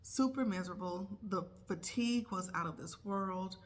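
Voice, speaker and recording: A woman's voice: medium pitch, moderate pace. Chatty woman telling a story. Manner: chatty, acts out her own thoughts in quotes. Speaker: nurse vlogger. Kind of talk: casual storytelling vlog.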